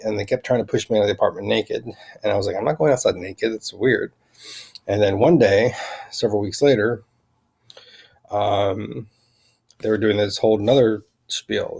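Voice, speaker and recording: A man vlogging a rambling personal account, halting and full of fillers and restarts. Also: fairly low pitch, vocal fry, darkish tone, husky.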